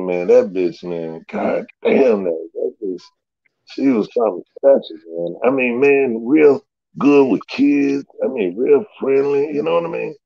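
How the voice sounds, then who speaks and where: Animated storytelling man, gravelly voice. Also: no room sound, dull audio. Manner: animated, loose slangy storytelling with big pitch jumps and laughs. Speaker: guest storyteller. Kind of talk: casual storytelling.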